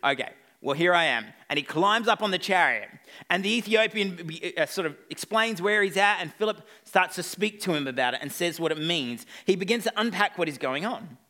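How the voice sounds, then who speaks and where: A man's voice: high-pitched, animated, brisk, bright, forceful tone. A male pastor preaching an evening sermon, retelling a story with playful asides to the congregation.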